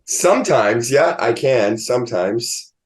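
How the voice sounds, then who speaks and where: A man's voice: medium pitch, lively intonation, slow pace. A man, a comedian guest in a casual interview, rambling and filling his talk with "like". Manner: rambling, filled with "like".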